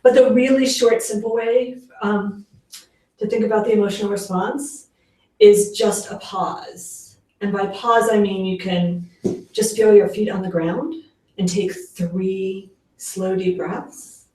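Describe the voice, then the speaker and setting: A parenting educator gives a casual workshop talk to parents, chatty with lots of fillers and acting out the lines she quotes. Her mid-range voice is steady, slow and darkish in tone. The room is very echoey and the mic is far off.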